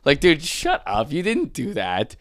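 A young adult man, a comedian, ranting casually and profanely, mocking people with quick put-on voices. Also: a little high, dry recording, studio quality. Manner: animated, profane, mocking impressions.

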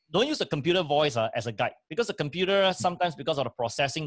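A man's voice: mid-range voice, no room sound. Man, talk show voice coach, emphatic, repeats points, dry close sound. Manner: emphatic, repetitive, fillers like uh. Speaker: voice and speaking coach. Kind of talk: instructive talk show advice.

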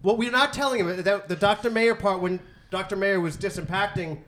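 A man's voice: high-pitched, fairly bright tone, slight background noise. A man co-hosting a comedy podcast, crude and swearing freely in loose banter. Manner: crude, swearing, quick to laugh. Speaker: podcast co-host.

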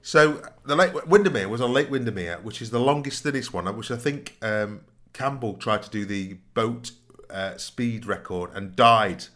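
Male podcast co-host, mid-pitched, jokey, teasing banter, quick to laugh. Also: a bit bright. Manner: joking, teasing, bursts into laughter. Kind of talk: casual chat.

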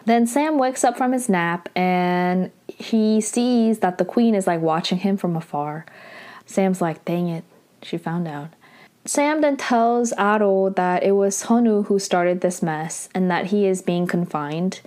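A young woman talks through a drama episode in a loose, casual way, with "like" in nearly every sentence. Her voice sits at an ordinary middle pitch for a woman. Now and then she cuts into the story with excited outbursts. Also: measured pace. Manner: chatty, heavy use of "like", excited outbursts. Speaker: drama recap vlogger.

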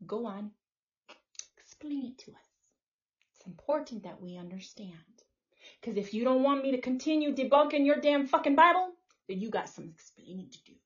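A woman's voice: high-pitched, lively intonation, moderate pace. Profane, fiery woman podcaster, muffled audio. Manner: profane, confrontational, preachy. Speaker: podcast host. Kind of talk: live ranting monologue.

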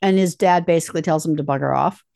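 A woman's voice: low-pitched, fast talker, creaky, dark tone, dry recording, clean studio sound. A woman in casual conversation, filling in and correcting details of a film's plot. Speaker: film podcast co-host. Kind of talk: casual film discussion.

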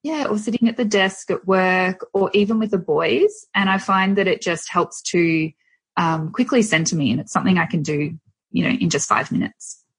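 Husky-voiced woman guest in her thirties. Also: on the low side, normal speed. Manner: open and reflective, with frequent um fillers. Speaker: guest, nutritionist and wellness coach. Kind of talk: casual podcast interview.

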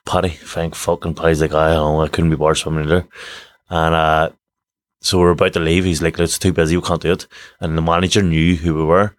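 A man's voice: very deep voice, flat delivery, brisk, no echo. A man, a boxer telling sweary, laughing anecdotes in casual chat. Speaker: guest boxer.

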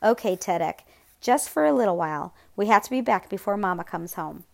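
A woman voicing a kind young girl who speaks softly, reading from a storybook. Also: medium pitch, animated, fairly quick, creaky. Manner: soft, hesitant.

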